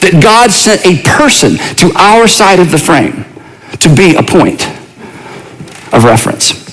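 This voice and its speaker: A middle-aged man from the United States preaches in a relaxed, conversational way. He keeps turning to his listeners with questions. His voice sits notably high for a man. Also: unhurried, low-quality recording. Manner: conversational, asks the audience questions. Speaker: pastor. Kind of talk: sermon.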